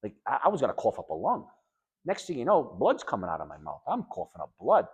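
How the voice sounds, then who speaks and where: A middle-aged man with a New England accent speaks straight to a room of listeners about what he has lived through. His delivery is blunt and emphatic, with plain everyday phrasing. His pitch sits in an ordinary middle range. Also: quick pace, creaky, slightly rough. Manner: blunt, emphatic, conversational, quotes others in animated voices. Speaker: patient speaker sharing his story. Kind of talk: candid personal talk to an audience.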